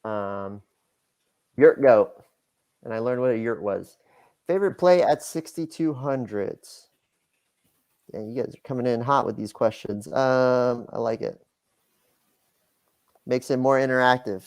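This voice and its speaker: A man's voice: mid-range voice, a little slow, pauses often, a little mellow. A man co-hosting a casual livestream, giving sports picks in a loose, rambling way with many fillers. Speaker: co-host, sports betting analyst.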